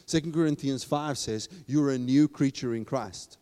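A man preaching a sermon, talking casually and then building up to loud, emphatic exhortation. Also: mid-range voice, normal speed, clear, resonant tone. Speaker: pastor. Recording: long reverb of a large hall.

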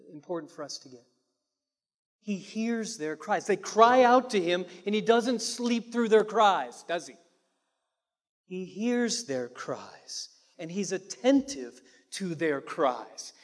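A male pastor delivers a sermon in a fairly high voice. He talks dramatically, pushing some phrases loud and dropping others almost to a hush. His voice rings out with a long reverb tail from a large hall. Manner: dramatic, swinging from loud emphasis to hushed near-whispers.

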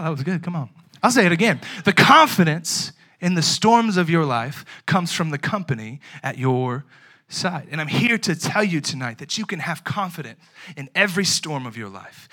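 A young man preaching a lively, conversational sermon to a youth group, full of slang and acted-out asides. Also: a little high. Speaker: youth pastor.

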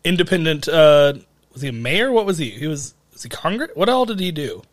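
A man co-hosting a casual podcast, joking and laughing often and thinking out loud as he goes. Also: on the high side, very animated, quick pace, no echo, clean studio sound. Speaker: podcast co-host.

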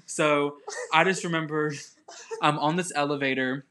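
A young man from the southern United States, chatting casually as a podcast co-host and telling an animated, rambling story with laughs. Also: a little high, normal speed.

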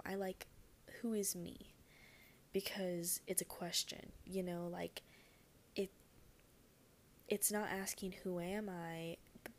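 A young woman musing alone on her podcast, her lowish voice carrying a gravelly, fry-laden texture. She rambles and gropes for words, swears without fuss, and keeps slipping into a hushed near-whisper. A faint hiss sits under the recording. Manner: rambling, candid, searches for words, swears casually; often drops to a soft whisper. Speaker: podcast host. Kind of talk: reflective solo podcast monologue.

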